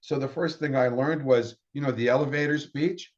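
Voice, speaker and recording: A man's voice: medium pitch, fairly even intonation, normal speed, darkish tone. A middle-aged man tells his career story in an easy, rambling way. He often stops to restart a sentence and acts out what people said to him. The recording sounds a little dull and lo-fi. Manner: rambling, with restarts and quoted dialogue. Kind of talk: casual storytelling.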